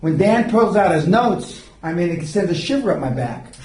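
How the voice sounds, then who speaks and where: An older seminar speaker and mentor lectures in a seminar room, telling long, meandering stories in a blunt, foul-mouthed style. His voice is high-pitched and animated with a darkish tone and moderate pace, recorded distantly in an echoey space.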